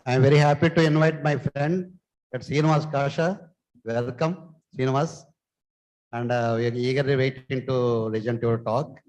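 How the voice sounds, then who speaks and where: A man, chairing a conference session, politely asking questions with frequent pauses. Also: medium pitch, darkish tone, rough recording. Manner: polite, deferential, hesitant with fillers. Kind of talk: moderating a conference Q&A.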